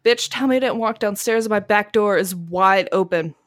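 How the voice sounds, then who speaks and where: A woman co-hosting a podcast, telling a long story in casual chat, swearing freely and loudly acting out the people she quotes. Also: mid-range voice, moderate pace, no room sound, studio quality. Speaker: podcast co-host. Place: home garage studio.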